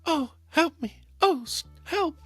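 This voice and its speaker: A man voicing a sugary, falsely innocent young woman plotting revenge, in a mock-sweet falsetto. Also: wildly swooping pitch, moderate pace, fairly bright tone, slightly rough, dry recording, soft background music, exaggerated voice. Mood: fake alarm.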